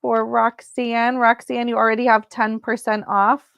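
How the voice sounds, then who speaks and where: A woman hosting a casual live sale of crystals from home, chatty and unhurried, with frequent ums. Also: on the high side, level tone, creaky, a bit bright, smooth, dry recording.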